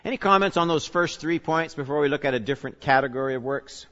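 A man's voice: on the high side, quick pace, fairly bright tone. Male pastor preaching in an echoey hall. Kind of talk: teaching sermon. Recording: reverberant hall, dull lo-fi sound.

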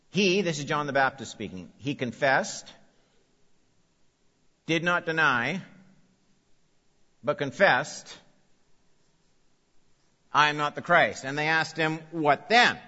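Bright-voiced man preaching in a reverberant hall. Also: fairly high pitch, expressive, slow pace, long pauses. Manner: emphatic, repeats key phrases, questions the audience. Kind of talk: expository sermon. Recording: long reverb, dull lo-fi sound.

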